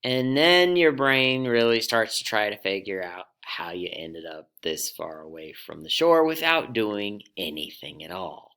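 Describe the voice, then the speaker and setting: Bright-voiced man telling a story. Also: lowish voice, animated, clear, resonant tone. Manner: reflective, dramatic pauses. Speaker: storyteller speaker. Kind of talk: personal storytelling talk.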